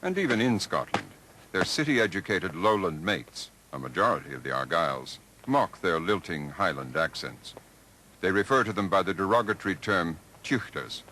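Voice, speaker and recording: Deep guy narrating a documentary, bright tone, lots of pitch swing, careful measured reading. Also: big pitch swings, a little hiss or hum, rough recording. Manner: measured, deliberate delivery.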